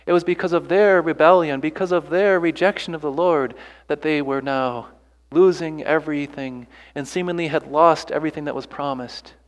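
A man's voice: on the high side, long reverb tail. A man preaching a sermon earnestly, pressing his listeners with rhetorical questions and repeated phrases. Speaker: pastor.

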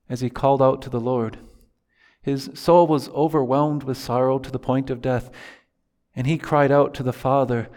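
A man's voice: medium pitch, darkish tone. A male pastor preaching a sermon in an earnest manner, quoting prayers from scripture.

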